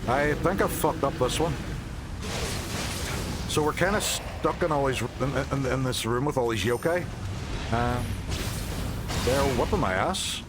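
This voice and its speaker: A man's voice: medium pitch, expressive, a little slow, pauses often, noisy background. Chatty Northern Irish man streaming a game. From Northern Ireland. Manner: chatty, swears casually, reacts loudly to the game. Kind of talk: casual game streaming chat. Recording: faint background music.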